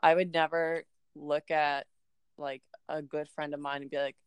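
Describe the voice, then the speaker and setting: Woman, mid pitch, smooth voice, dry mic, chatty podcast co-host. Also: moderate pace, dry recording. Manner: chatty, drops into lively quoted voices. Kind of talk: casual chat.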